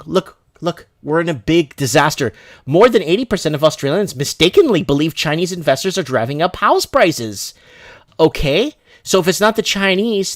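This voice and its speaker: Male livestream host from Canada, slightly higher voice, rambling and off the cuff. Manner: rambling, reads viewer emails aloud, many restarts. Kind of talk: casual livestream commentary.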